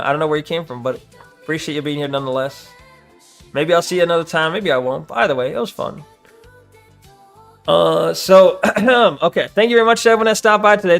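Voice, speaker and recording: Rambling young man streamer, higher voice. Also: a bit bright. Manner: rambling, profane, joking with chat. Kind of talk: casual late-night stream chat.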